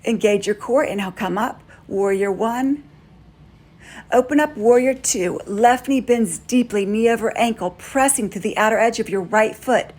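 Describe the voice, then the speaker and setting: A woman with a slightly high voice leads a yoga class. She talks students through each pose with calm, steady instructions. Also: normal speed. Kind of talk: guided yoga class cues.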